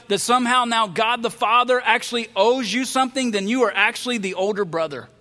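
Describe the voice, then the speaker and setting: A man preaching a sermon, animated, slipping into the voices of the characters in his story as he tells it. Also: sits high, long reverb tail. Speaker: pastor.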